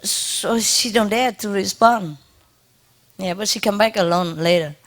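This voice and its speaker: Woman telling a story with frequent laughter. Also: mid-range voice. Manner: laughs often, imitates bird sounds; halting, repeats words. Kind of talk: storytelling talk to an audience.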